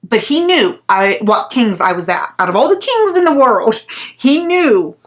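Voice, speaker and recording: A woman's voice: on the high side, big pitch swings, measured pace. A woman vlogger telling a story in a casual, chatty way, full of fillers and little laughs.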